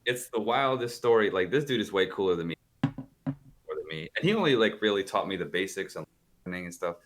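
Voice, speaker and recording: A man with a fairly low voice guests on a podcast over a video call. He tells stories in a loose, rambling way, fills his sentences with "like" and swears casually as he goes. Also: expressive, quick pace, noisy background. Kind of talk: casual storytelling chat. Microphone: calling in over a video call.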